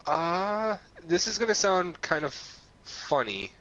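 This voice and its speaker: A man's voice: high voice, slow pace, dull audio. A man co-hosting a podcast, telling funny stories in casual chat and laughing often between lines. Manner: animated storyteller, laughs often, does voices in quotes. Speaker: podcast co-host.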